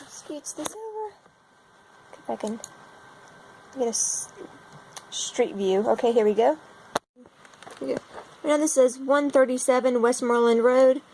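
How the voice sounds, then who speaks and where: Filmed on a phone leaning against her laptop, a young American woman narrates a casual vlog while browsing a map, puzzling over things out loud. Her voice sits high with a darkish tone, and the rough recording picks up slight background noise.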